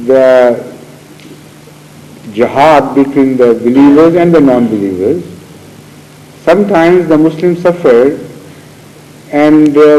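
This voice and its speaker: A man, a religious scholar, answers questions and explains scripture in a measured way with pauses and fillers, in an archival recording. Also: fairly high pitch, dark tone. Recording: archival 1986 hall recording with long reverb and faint noise.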